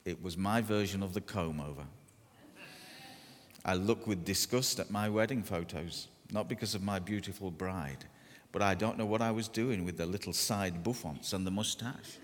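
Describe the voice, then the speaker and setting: A man preaching a sermon, telling stories with self-deprecating humour and deliberate pauses. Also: low voice. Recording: long hall reverb.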